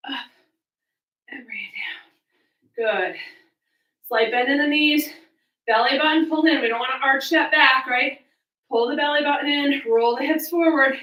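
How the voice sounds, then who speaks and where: A woman's voice: high voice, fairly even intonation, moderate pace, pushed and bright, roomy sound, far from the mic, poor audio. A woman fitness coach, out of breath, counting reps and cueing moves while she exercises along in a small room at home. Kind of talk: coaching a live home workout.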